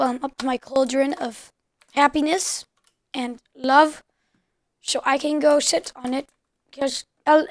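A woman giving rambling, excitable let's play commentary, chatting to the creatures in her game. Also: high-pitched, no echo. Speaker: gaming commentator.

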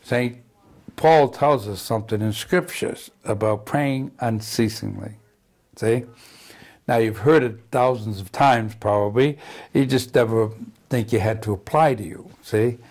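A man's voice: on the low side, unhurried, a little mellow. A man giving an earnest faith testimony as a healing minister, often adding "see?" to his sentences. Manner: acts out remembered dialogue with raised voice. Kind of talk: storytelling testimony.

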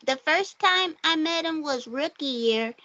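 A woman hosting a casual podcast chat, playful and quick to laugh. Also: high voice, animated, bright, forceful tone, dry recording, muffled recording.

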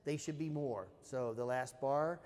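A man's voice: medium pitch, a little slow, darkish tone. Man scatting drum rhythms, reverberant hall. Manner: demonstrates rhythms with scat syllables. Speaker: percussion lecturer. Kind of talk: spoken music instruction.

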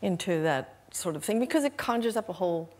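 A woman's voice: mid-range voice, expressive, fast talker, darkish tone, slight background noise. A woman, a guest actress, talking thoughtfully and self-deprecatingly on a chat show. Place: TV studio.

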